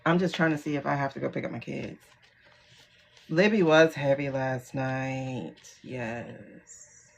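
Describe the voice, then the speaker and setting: A woman's voice: a bass voice, unhurried, gravelly. A middle-aged woman hosting a tarot livestream, talking casually and bluntly, swearing and laughing often. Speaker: livestream host doing tarot readings.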